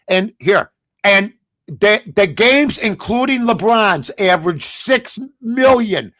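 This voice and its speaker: A man hosting a sports talk show, ranting bluntly and sarcastically, swinging between low mutters and loud outbursts. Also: expressive, slow, dry recording. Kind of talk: opinionated sports talk rant.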